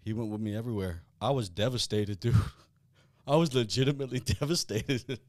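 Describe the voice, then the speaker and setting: A man, hosting a casual podcast and talking in a blunt, profane, animated way. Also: medium pitch, brisk, no room sound, clean studio sound. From South Louisiana. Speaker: podcast host.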